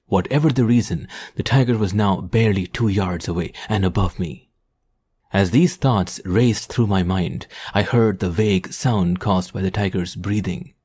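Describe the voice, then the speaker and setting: A man narrating an adventure audiobook in a measured, descriptive storytelling manner. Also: fairly low pitch, darkish tone, breathy edge. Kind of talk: scripted narration.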